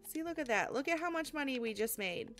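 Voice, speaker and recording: A young adult woman streaming cozy games, chatting casually and gushing excitably, with plenty of ums. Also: high-pitched, fairly quick. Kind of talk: casual live-stream chat. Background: faint lo-fi music.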